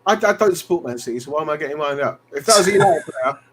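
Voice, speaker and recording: A man's voice: on the high side, animated, racing, crowd noise. A man co-hosting a fan football live stream, getting wound up over sloppy play. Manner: gets wound up about missed chances. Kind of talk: casual football chat.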